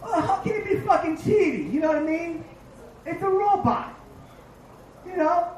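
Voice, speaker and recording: Crude male comic with lively pitch swings; roomy, far-off bar recording. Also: normal speed. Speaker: stand-up comedian. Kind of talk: stand-up comedy set. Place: dive bar stage. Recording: echoey bar from far off, faint noise.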